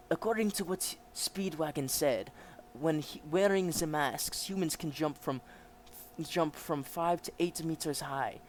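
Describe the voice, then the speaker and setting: A man's voice: on the high side, a little hiss or hum, pitched above the performer's own voice, natural voice. A man voicing a stiff scientist with a put-on German accent, explaining formally.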